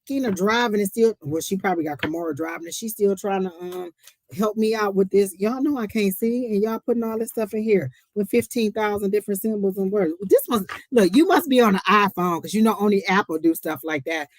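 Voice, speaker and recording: Woman giving psychic readings live, preachy and repetitive, dry close sound, middle pitch. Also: a little fast, no room sound. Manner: emphatic, preachy, repeats phrases for effect; chatty asides, exclaims to the Lord. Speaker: psychic reader and livestream host.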